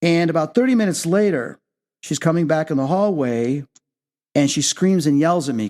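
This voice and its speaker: Excitable man telling a story, fairly high voice. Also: fairly quick. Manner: excitable, leaps high when reenacting his own reactions. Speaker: podcast host. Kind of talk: animated storytelling on a paranormal talk show.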